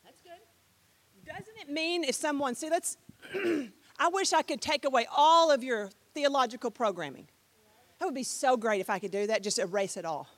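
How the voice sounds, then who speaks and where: A woman's voice: sits high, lively intonation, moderate pace, fairly bright tone. A middle-aged woman teaching a Bible class, chatty and direct, often repeating herself and putting questions to the class.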